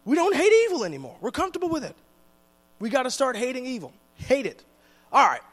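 A man preaching a sermon in a church, chatty and joking, with slowed, weighty stress on the scripture he reads. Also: extremely high pitch, wildly swooping pitch, in a large hall.

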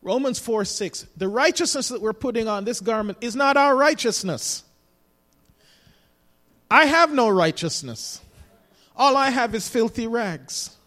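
A man's voice: extremely high pitch, a bit bright. A man preaching a sermon as pastor, building emphasis with repeated phrases, recorded in a church sanctuary. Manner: preaching with rising emphasis and repetition. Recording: long hall reverb.

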